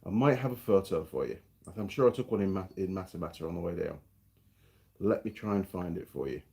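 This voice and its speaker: A husky-voiced man hosts a casual live stream, chatting away and welcoming viewers by name. His pitch swings up and down all the time, jumping high as he greets people. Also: a little fast. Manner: chatty, reads viewer names aloud with lively greetings. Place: home workshop in New Zealand.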